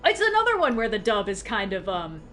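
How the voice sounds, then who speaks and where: A woman's voice: mid-range voice, huge pitch swings, brisk, fairly bright tone, a little hiss or hum. A woman co-hosting a game stream, chatting casually and animatedly, swearing and laughing often. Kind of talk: casual chat over gameplay.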